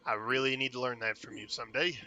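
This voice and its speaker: A man's voice: mid-range voice, steady tone, quick pace, bright, forceful tone, dry recording, dull audio. A man playing in a tabletop game, joking around and swearing freely. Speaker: player. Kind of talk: casual tabletop role-play.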